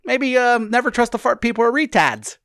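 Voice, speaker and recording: A man's voice: very high-pitched, lively intonation, fairly quick, fairly bright tone, clear, resonant tone, no echo, clean studio sound. Rambling, crude male podcast host. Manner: rambling, profane, many restarts. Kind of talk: crude casual podcast banter.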